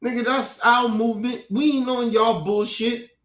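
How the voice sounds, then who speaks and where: A man's voice: very high voice, steady tone, normal speed, a bit bright. A man streaming a heated, profane commentary rant, repeating his points with fired-up force. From United States. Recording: roomy echo.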